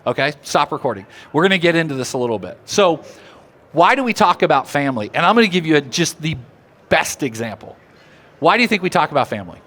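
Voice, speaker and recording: Animated man presenting at a seminar. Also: a little high, fast talker. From Oklahoma. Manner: animated, audience-engaging, asks questions. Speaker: seminar speaker. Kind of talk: live seminar talk. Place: seminar room.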